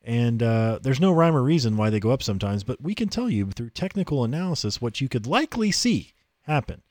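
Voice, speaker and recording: A man co-hosting a morning talk podcast, chatting casually and pitching sign-ups. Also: big pitch swings, brisk, a little mellow, no echo. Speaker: podcast co-host. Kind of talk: casual promo chat.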